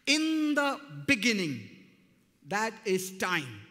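A man's voice: very high-pitched, big pitch swings, measured pace, noisy background. A man preaching a sermon as pastor, speaking emphatically and building to fervent declarations. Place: church hall. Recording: long hall reverb.

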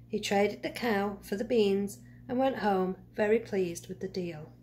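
A woman reading a fairy tale aloud to children, gentle and speaking to them directly. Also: mid-range voice, unhurried, a little hiss or hum. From United Kingdom. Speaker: storyteller for children. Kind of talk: read-aloud storytelling.

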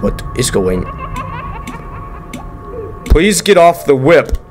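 A young man giving let's-play commentary on a horror game, excitable, joking and swearing as he reacts. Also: on the high side, drawn-out words, music in the background. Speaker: gaming YouTuber.

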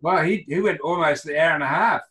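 A man's voice: fairly high pitch, a little fast, fairly bright tone, low-quality recording. New Zealand man around seventy telling stories. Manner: rambling anecdotes, acts out quoted lines. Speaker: guest, retired runner. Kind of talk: casual storytelling interview.

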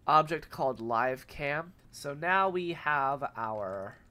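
A man who is sick with a cold, speaking in a nasal voice and giving a rambling, filler-filled software tutorial. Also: fairly high pitch, lively intonation, slow pace. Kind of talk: casual screen-recorded tutorial.

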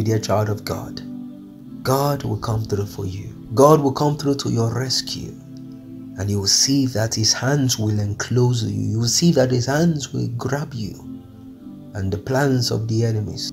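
A man's voice: mid-range voice, creaky, darkish tone. A man delivering an earnest, pleading devotional sermon, repeating his phrases as he speaks. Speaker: preacher. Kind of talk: devotional sermon over music.

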